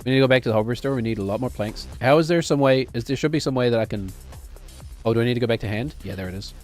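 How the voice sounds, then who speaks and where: A man's voice: medium pitch, racing, soft background music. A man streaming a game, rambling and joking to himself as he plays. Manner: rambling, jokey, talks to himself while playing. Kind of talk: casual gameplay commentary.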